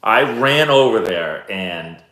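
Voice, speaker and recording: A man in his thirties hosting a live stream, answering chat questions in a relaxed, rambling, self-deprecating way. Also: lowish voice, slow. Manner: laid-back, rambling, self-deprecating storyteller. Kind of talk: casual chat. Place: indoor room, live stream. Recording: roomy echo.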